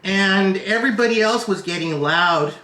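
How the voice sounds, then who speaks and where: A man's voice: high voice, moderate pace, roomy sound. A man co-hosting a podcast, telling a story in casual chat and acting out other people's lines in a raised voice. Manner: animated, profane, acts out quotes in raised voice. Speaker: podcast co-host.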